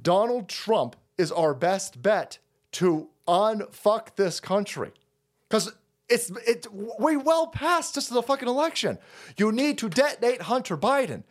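A man hosting a stream, delivering a heated, profane political rant full of repetition and sarcastic mock quotes. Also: sits high.

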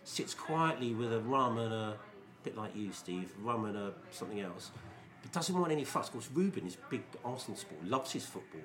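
A man in his fifties, co-hosting a podcast from a pub, telling casual anecdotes as a lively storyteller who swears freely. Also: lowish voice, a little fast. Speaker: podcast co-host.

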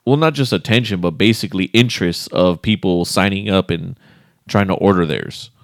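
A man co-hosting a podcast in casual chat, relaxed, laughing often and restarting his sentences. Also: sits low, moderate pace, dry recording, studio quality. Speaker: podcast co-host.

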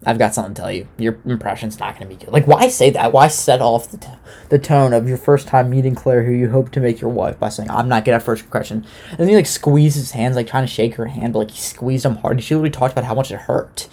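A young man talking loosely and sarcastically, like a podcast host recapping television. His voice is mellow and dark, sitting at a middle pitch. He drops in a curse now and then without much fuss. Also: fast. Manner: loose, sarcastic, swears casually. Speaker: podcast host recapping a reality dating show. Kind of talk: casual chat.

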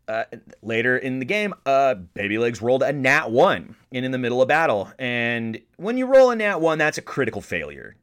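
An American man hosting a podcast, telling stories in a casual comedic monologue, animated and profane, jumping from loud excitement to mumbled asides. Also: medium pitch, normal speed, clean tone. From United States. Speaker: podcast host.

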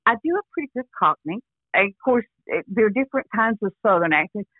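An older actress chatting casually as an interview guest over a phone line, rambling with restarts and frequent "you know". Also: female voice, mid-range voice, lively intonation, fast talker, no room sound. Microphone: phone call.

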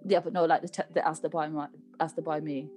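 Chatty young british woman, low voice. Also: flat delivery, fast, a little mellow, soft background music. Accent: British English. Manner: chatty, laughs often, slangy. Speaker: podcast co-host. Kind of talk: casual chat.

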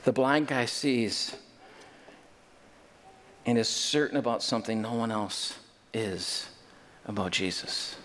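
A man's voice: mid-range voice, takes it slowly, long pauses, fairly bright tone, a little hiss or hum. Emphatic male preacher in a reverberant hall. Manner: emphatic, with joking asides and rising intensity. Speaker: pastor. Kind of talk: sermon. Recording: long reverb of a large hall.

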